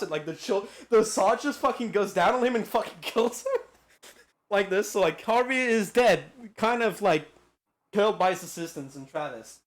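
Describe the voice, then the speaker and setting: A man streaming a casual lecture-style game recap, rambling and profane with lots of filler words. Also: high-pitched.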